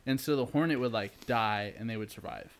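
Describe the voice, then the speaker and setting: A man's voice: medium pitch, brisk. A man hosting a casual chat with friends, rambling with lots of fillers and frequent laughs.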